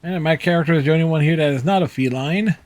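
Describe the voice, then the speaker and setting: A man's voice: on the high side, quick pace, a little mellow. A man casually commenting while streaming a video game, with a wry, offhand manner.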